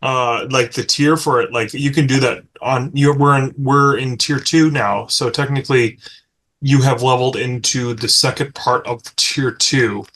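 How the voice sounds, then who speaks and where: A man running a tabletop game as game master, in relaxed, joking table chat that now and then turns profane. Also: medium pitch, unhurried.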